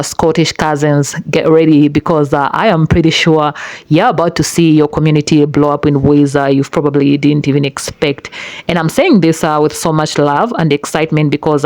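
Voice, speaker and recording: Man commenting with a dry, close sound, halting with constant uhs. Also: a little high, a little mellow, no echo. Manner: halting, many filler uhs. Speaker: commentary creator.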